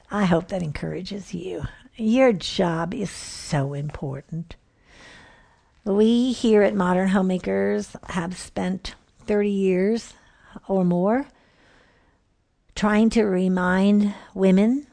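Slow, soft-spoken, gravelly woman. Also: mid-range voice. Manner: soft, earnest, partly whispered. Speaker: host of a homemaking ministry. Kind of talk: devotional reading and encouragement.

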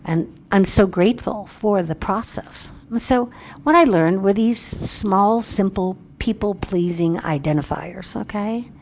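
A woman giving a candid, self-reflective Christian devotional talk with a brisk, emphatic delivery. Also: mid-range voice, darkish tone, slight background noise. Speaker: Christian speaker.

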